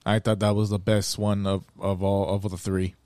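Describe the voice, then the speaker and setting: A man co-hosting a podcast, giving his opinion of a movie in relaxed, agreeable casual chat. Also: on the low side, normal speed, no room sound. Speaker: podcast co-host.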